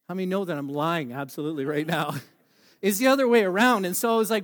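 A man preaching a sermon through a humorous, self-deprecating story, joking with the crowd and halting often on fillers. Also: high-pitched, expressive.

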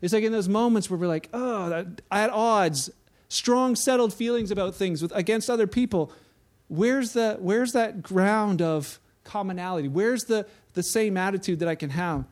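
A male pastor with a notably high voice delivers a sermon. He talks in a loose, conversational manner, often restarting his sentences, and acts out the little stories he tells. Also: normal speed, darkish tone. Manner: conversational, with acted-out anecdotes and frequent restarts.

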